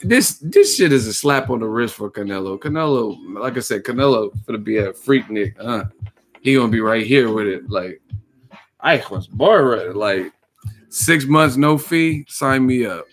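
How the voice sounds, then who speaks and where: A man's voice: medium pitch, expressive, moderate pace. A man hosting a boxing livestream who talks casually, jokes, swears freely and laughs often. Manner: profane, joking, laughs a lot. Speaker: boxing YouTube host.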